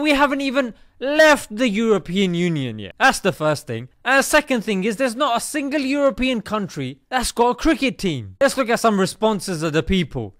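A man's voice: high voice, fairly bright tone, no echo, clean studio sound. Cheeky man hosting a comedy show. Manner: cheeky, jokey, drops "mate" often. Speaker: comedy host. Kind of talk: satirical comedy commentary.

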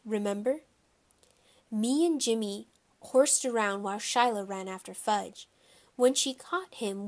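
A woman narrating a children's audiobook in a measured, storytelling first-person reading. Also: mid-range voice.

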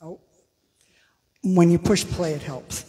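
A woman's voice: fairly low pitch, takes it slowly, warm tone, husky. Chatty woman singer hosting a show. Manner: chatty, laughs, reads out viewer comments. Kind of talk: casual chat between songs. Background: backing music.

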